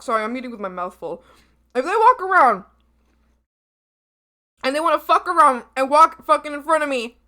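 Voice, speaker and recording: High, lively young woman streamer. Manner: giggly, swears freely, talks while eating. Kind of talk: casual livestream chat.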